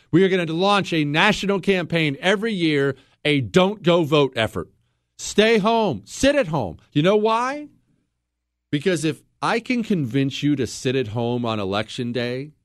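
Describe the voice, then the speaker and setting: A man's voice: medium pitch, no echo. Man, talk radio host, combative, sarcastic, ranting, dry sound. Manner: reads listener emails aloud. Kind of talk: political talk radio monologue.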